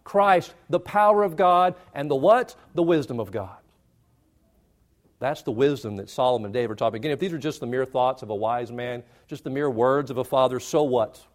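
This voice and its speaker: A male pastor preaching a sermon, emphatic and repetitive, rising in pitch to stress key phrases. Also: fairly quick, a little mellow.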